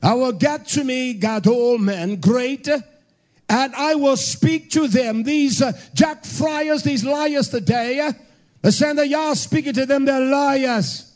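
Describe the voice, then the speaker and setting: A man preaching a fiery sermon to a congregation, hollering and emphatic, with bursts of shouting. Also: very high voice, slow pace.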